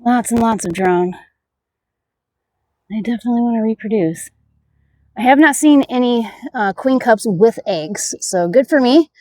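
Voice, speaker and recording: Outdoors by a beehive, a woman narrates her hive inspection casually and chattily, muttering asides to herself and talking to her bees. Her voice is on the high side and a little mellow, with a measured pace and frequent pauses.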